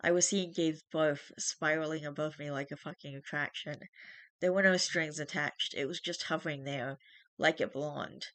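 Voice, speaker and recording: A first-person horror story is read aloud by a streamer at a moderate pace, in steady narration broken by small restarts. The pitch is medium, with no echo.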